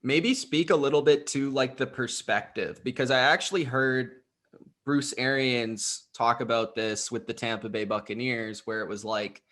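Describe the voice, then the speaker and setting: A man co-hosts a sports podcast. His voice sits mid-range. He puts questions to the guest in a relaxed way, restarting phrases as he thinks. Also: medium pitch, moderate pace. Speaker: podcast co-host. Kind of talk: casual interview chat.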